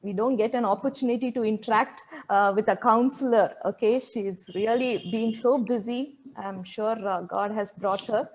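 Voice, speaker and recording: A woman hosting a women's fellowship meeting on a video call, thanking the speaker with many pauses. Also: a little high, steady tone, poor audio. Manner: warm thanks with many "uh" fillers.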